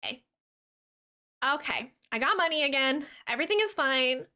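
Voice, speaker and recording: A bubbly woman streamer chats casually with her viewers while she plays. Her voice sits high and sounds bright. She talks in a giggly way, full of "like" fillers, and gushes warmly at her chat. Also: expressive, normal speed. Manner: warm toward chat, gushing.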